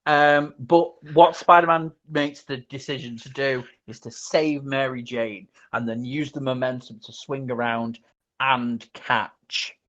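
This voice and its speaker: A man's voice: mid-range voice, measured pace, muffled recording. A man hosting a podcast, casually retelling a film scene with lots of ums and restarts. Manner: animated retelling, acts out quotes, many ums and restarts. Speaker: podcast host.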